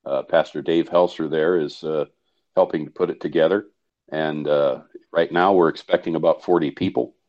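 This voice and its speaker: A man calling in as a guest to explain an event he is organizing, speaking haltingly with many fillers. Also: very deep voice, steady tone, darkish tone. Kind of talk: call-in guest chat. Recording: dull lo-fi sound.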